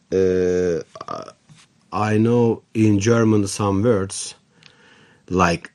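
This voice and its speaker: A man's voice: on the low side, steady tone, drawn-out words, long pauses, a little mellow. A man with a Turkish accent hosting a radio show, reading listener letters in chatty, non-native English. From Turkey. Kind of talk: casual on-air letter reading.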